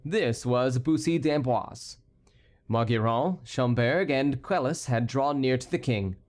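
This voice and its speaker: A man narrating a historical novel as an audiobook, reading every character himself and lifting his pitch for the courtiers. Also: slow, darkish tone. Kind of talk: scripted narration.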